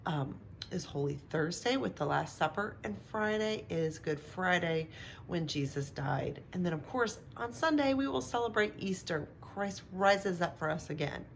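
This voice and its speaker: A middle-aged woman teaching a remote phonics lesson to young children, speaking slowly and clearly with encouraging sound-outs. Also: on the low side, expressive, slight background noise. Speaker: kindergarten teacher.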